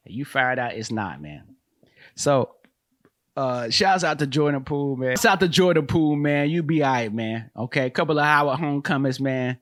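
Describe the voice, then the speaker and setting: A man's voice: a little high, animated, moderate pace, a bit bright. A man hosting a comedic solo commentary, loose and slangy, who keeps calling listeners man and bro and laughs at his own jokes. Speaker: host and comedian.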